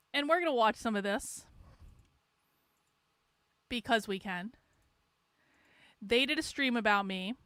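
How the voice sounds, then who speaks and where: Her voice on the high side, fairly bright and clean, a middle-aged woman hosts her livestream in a rambling, casual chat. She rants sarcastically, swears often, and laughs along the way, in studio-quality audio with no echo.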